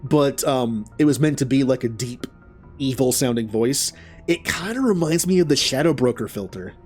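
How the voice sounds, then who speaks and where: A man's voice: mid-range voice, lively intonation, moderate pace, a little mellow, breathy edge, faint music behind. A man casually chatting while streaming a video game, rambling and laughing often. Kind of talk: casual chat over gameplay.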